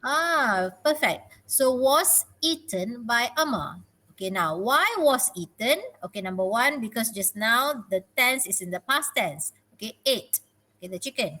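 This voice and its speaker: Teacher, woman, slightly high voice, encouraging, says "okay" a lot. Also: animated, a little slow, sharp tone. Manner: encouraging, frequent "okay" and laughs. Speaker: English teacher. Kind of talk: online class teaching.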